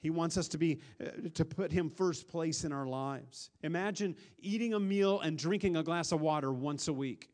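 A male pastor delivers his sermon with an Upper Midwest American accent, his voice sitting a little high for a man. He builds to loud, pressing emphasis and then falls to a soft hush, stumbling over and repeating words as he restarts. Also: normal speed, hardly any pauses. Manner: earnest preaching that swells louder and softens to a hush.

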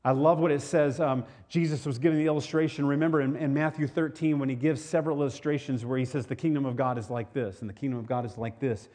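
A man's voice: mid-range voice, steady tone, fast talker, few pauses, darkish tone. A male pastor preaching a sermon to his congregation in a conversational way, often repeating words and asking the listeners questions.

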